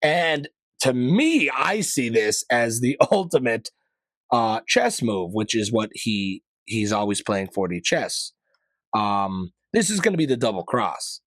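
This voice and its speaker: Taking it slowly, a male podcast host loosely talks through current events, full of rambling opinions, casual slang, and mild profanity. His medium-pitched voice swings widely in pitch and has a fairly bright tone, captured in a dry recording.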